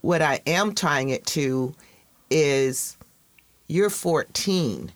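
Slow-talking teasing woman co-host. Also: deep voice, no room sound. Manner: laughs often, teasing. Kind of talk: casual chat.

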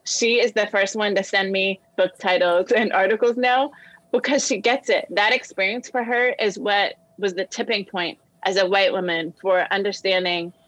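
A woman guest on a discussion show, telling a personal story with animated quoted voices. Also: medium pitch, normal speed, no echo, poor audio. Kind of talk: storytelling in conversation.

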